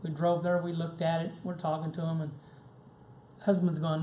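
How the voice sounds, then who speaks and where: A man's voice: fairly high pitch, monotone, moderate pace, mellow. Storytelling man in an echoey room. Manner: anecdotal, checks in with frequent "right?" and "okay?". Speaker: seminar presenter. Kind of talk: conversational business seminar talk. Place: seminar room. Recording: echoey room with faint background noise.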